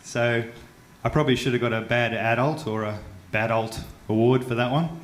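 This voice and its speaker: A man's voice: mid-range voice, fairly even intonation, moderate pace. An Australian man with a self-mocking, stumbling delivery, performing a stand-up comedy set on a club stage. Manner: chatty, self-mocking, with frequent stumbles and fillers. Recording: roomy club sound with faint background noise.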